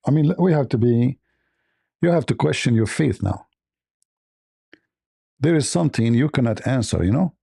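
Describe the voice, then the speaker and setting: A man's voice: expressive, moderate pace, gravelly, long pauses, mellow, husky, no echo, studio quality. A man hosting a casual talk show, rambling through a story with many restarts and fillers. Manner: rambling, many restarts and fillers, squeaky voices when quoting. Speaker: host.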